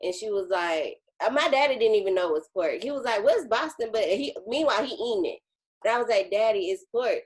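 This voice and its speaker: A woman co-hosting a casual podcast, telling family stories in a relaxed way and acting out what others said. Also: mid-range voice, fast talker. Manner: relaxed storyteller, acts out quoted voices. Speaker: podcast co-host. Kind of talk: casual chat.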